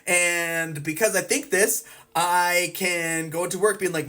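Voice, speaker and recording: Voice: mid-range voice, steady tone, measured pace, pushed and bright. Therapist explaining reasoning with examples. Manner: acts out people's inner thoughts. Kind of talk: educational explainer video.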